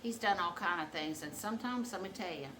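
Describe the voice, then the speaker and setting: A woman hosting her own channel, chatting casually and acting out quotes loudly as she tells a comic story, often laughing. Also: lowish voice, a little fast, background noise. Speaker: channel host. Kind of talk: casual chat.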